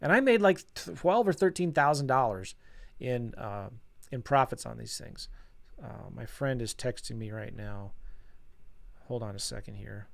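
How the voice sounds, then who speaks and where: A middle-aged man talking casually as a real estate coach, telling a story and acting out old conversations with a self-deprecating, animated manner. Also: medium pitch, a little slow, creaky. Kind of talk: casual storytelling to an online audience.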